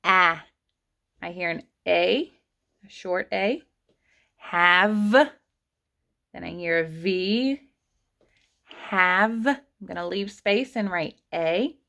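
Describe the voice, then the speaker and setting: Slow, patient woman teaching kindergarten. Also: on the low side, expressive, creaky, fairly bright tone. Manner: slow, patient, sounding out letters for kids. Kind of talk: online writing lesson for young children.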